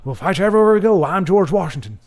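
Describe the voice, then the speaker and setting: A man's voice: high-pitched, expressive, racing, a little mellow, pitched above the performer's own voice. A man putting on a boastful, twangy voice for a defiant rustic revolutionary leader. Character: blustering rustic George Washington, adult man.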